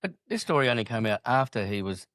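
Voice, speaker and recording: A man's voice: mid-range voice, big pitch swings, quick pace, a bit bright, dry recording, clean studio sound. A man co-hosting a podcast in casual chat, blunt and sweary, swapping stories and teasing his mate. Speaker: podcast co-host.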